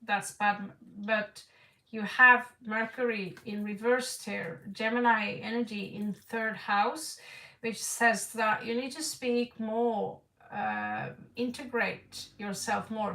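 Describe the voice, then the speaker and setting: A woman's voice: a little high, steady tone, slow pace, pushed and bright, reverberant, recorded from a distance, low-quality recording. A woman doing an online tarot reading in a rambling, frank way. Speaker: tarot reader.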